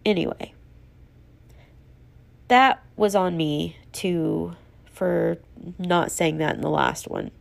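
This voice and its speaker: Woman rambling on her solo podcast, earnest, kinda out of breath, gravelly voice. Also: on the low side, takes it slowly, pauses often. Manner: rambling, earnest, self-reflective. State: running out of breath. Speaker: podcast host. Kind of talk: solo casual podcast monologue.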